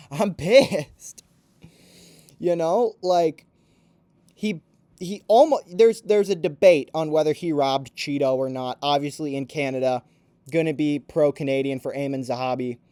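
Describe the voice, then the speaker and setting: Male vlogger, fairly high voice, dry close sound; ranting, sarcastic, swears freely. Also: steady tone, moderate pace, dark tone, smooth, no room sound. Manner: heated, profane, sarcastic ranting. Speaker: MMA commentator. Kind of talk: ranting commentary vlog.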